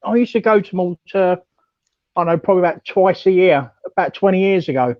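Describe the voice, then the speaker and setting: A man's voice: sits high, a little fast, no echo, dull audio. A man with a London accent, calling in by phone to a live chat and telling a rambling story with lots of ums. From London, England. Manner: rambling, many ums, laughs at his own story. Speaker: caller on a live stream. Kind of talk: casual storytelling.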